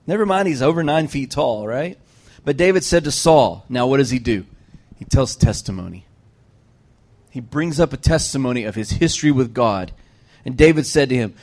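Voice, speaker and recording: A man preaching to a congregation, retelling a scripture story with lively joking asides. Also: medium pitch, normal speed.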